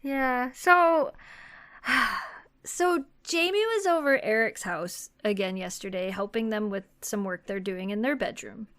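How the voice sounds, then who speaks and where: A woman's voice: fairly high pitch, lively intonation, measured pace, a bit bright, smooth. A woman co-hosting a podcast, telling long casual stories in a rambling, chatty way. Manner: rambling anecdotal storytelling. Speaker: podcast co-host. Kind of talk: casual chat.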